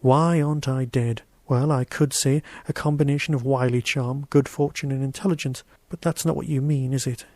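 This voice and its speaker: A wily, knowing little man, read by a man, unhurried and measured with a quiet weight behind his words. The voice is dry and close to the mic. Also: medium pitch, steady tone, no echo, natural voice. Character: calm, wily small man, knowing and sagely.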